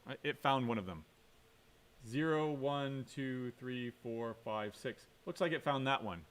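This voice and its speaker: A man's voice: medium pitch, measured pace, fairly bright tone. A man giving a computer science lecture while coding, thinking aloud, quizzing the class and correcting himself.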